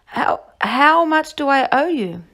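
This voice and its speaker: A woman voicing a polite young male ox with a hurt leg, speaking in a high, pleading, tearful way. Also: big pitch swings, slow, a bit bright, exaggerated voice. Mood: worried.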